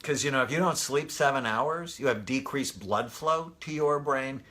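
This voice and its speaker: Middle-aged male co-host, clear bright voice, calm explainer. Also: mid-range voice, moderate pace, a little hiss or hum. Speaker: podcast co-host, brain doctor. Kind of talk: casual explanatory chat.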